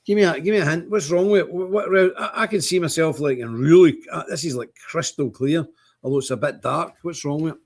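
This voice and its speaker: An older man with a slightly high voice, talking into a phone camera on a casual livestream. He rambles from one thing to the next and greets viewers one by one as they arrive. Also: a little mellow. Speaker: livestream host. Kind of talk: casual livestream chat with scripture reading.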